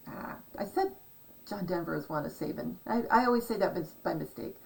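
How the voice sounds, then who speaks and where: A woman talking in a chatty, excitable monologue, often trailing off with fillers as she explains her number decoding. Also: lowish voice, brisk, gravelly, far from the mic, low-quality recording. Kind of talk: casual rambling monologue.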